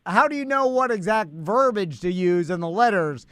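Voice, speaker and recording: A man co-hosting a comedy radio show and taking calls, easygoing and quick to laugh at himself. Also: high voice, lively intonation, a bit bright, smooth, no echo. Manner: easygoing, laughs a lot, self-deprecating. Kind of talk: casual comedic banter.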